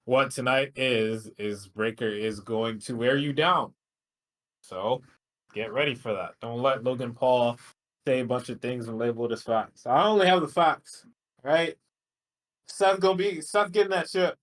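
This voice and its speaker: A man's voice: medium pitch, fairly bright tone. A man co-hosting a podcast, summing things up in casual, profane chat. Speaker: podcast co-host.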